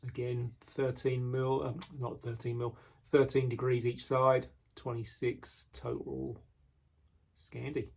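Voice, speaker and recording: Slow, easygoing male knife maker. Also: medium pitch, gravelly. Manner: relaxed, unhurried, frequent ums and restarts. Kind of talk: casual product walkthrough. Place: indoor workshop.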